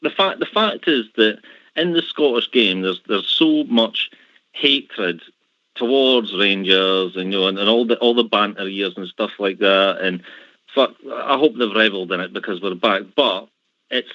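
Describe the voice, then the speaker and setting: Bright, dry-voiced radio host, man. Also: on the low side, unhurried, no echo, dull audio. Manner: earnest, stammering restarts, swears casually. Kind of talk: casual chat.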